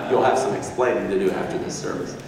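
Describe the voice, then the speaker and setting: A man's voice: low voice, a little fast, over a noisy crowd. A man preaching a sermon in a church with a fervent, exclaiming delivery, heard from far off in an echoey hall.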